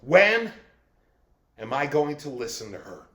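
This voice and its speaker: A torn, fearful Roman governor, as a preacher portrays him questions himself in an anguished inner monologue. The voice sits fairly high for a man and rings in an echoey church room, with a dramatic first-person telling. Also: very animated, a little slow, sharp tone, heavily acted. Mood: troubled.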